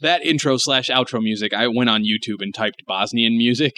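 A man's voice: medium pitch, a little fast, bright, forceful tone, no echo. A young man co-hosting a podcast, talking casually and ranting in a profane, emphatic way. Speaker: podcast co-host. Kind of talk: crude casual chat.

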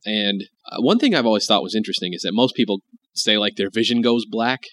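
A man co-hosting a podcast in casual chat, sick with a head cold and a bit raspy, rambling with lots of fillers and restarts. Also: fast talker, fairly bright tone, dry recording. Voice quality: slightly deep and raspy from the cold. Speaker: podcast co-host.

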